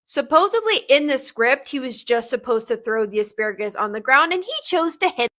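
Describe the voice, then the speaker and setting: A woman's voice: sits high, expressive, a little fast, a bit bright. A woman narrating movie trivia in a short video, with wry, teasing questions and answers.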